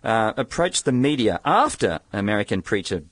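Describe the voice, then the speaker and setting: A man co-hosting a radio show, reading absurd news headlines aloud in a wry, deadpan way. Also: on the low side, moderate pace, no echo. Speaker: radio co-host.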